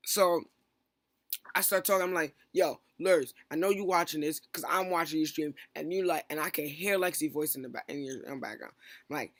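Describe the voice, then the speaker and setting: A young man telling a long, rambling storytime about an online feud. He keeps restarting and slips into quick quoted bursts of what others said. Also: fairly high pitch, fairly bright tone, dry recording. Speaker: stream moderator. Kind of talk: casual storytime rant.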